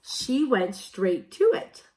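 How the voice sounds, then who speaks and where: Woman kindergarten teacher, read-aloud storytime; slow, very lively pitch, playful asides. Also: slight background noise. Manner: slow, sing-song, exaggerated storybook delivery with playful asides. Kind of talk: reading picture books aloud to young children.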